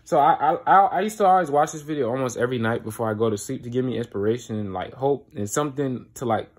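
A young male vlogger with a medium-pitched voice talks quickly to camera in a casual vlog, his delivery loose and slangy as he keeps asking "you get what I'm saying." He's indoors in a room at home, recorded on a handheld phone camera.

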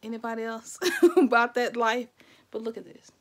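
A woman from Tennessee, chatting casually to camera, folksy and effusive, calling viewers y'all and honey and dropping into soft whispers. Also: on the high side, level tone, normal speed. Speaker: vlogger showing gifts.

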